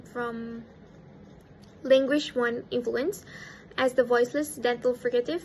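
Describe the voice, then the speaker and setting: Young woman, student presenter; a fairly high voice, halting delivery with frequent restarts, faint ambient noise behind. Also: darkish tone, rough recording. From Malaysia. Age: young adult. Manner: halting, many restarts and repeated words. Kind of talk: reading a phonology analysis.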